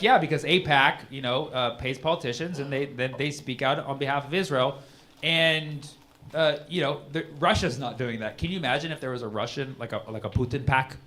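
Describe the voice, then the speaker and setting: A man performing a conversational stand-up comedy set on a club stage with a handheld mic. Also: medium pitch. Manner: animated, conversational, punchlines in put-on voices. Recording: live stage recording with audience noise.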